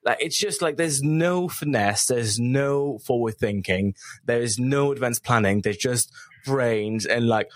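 A man co-hosts a relaxed podcast, laying out firm opinions in a ranting, critical way. His voice sits at a middle pitch. The recording is close and dry. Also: unhurried, no echo. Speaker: podcast co-host. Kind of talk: casual chat reviewing reality TV.

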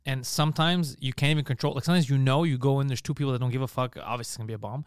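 Fast-talking animated storyteller man. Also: medium pitch, clear, resonant tone, no echo, studio quality. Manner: animated storyteller, acts out others' lines, swears freely. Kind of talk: casual chat.

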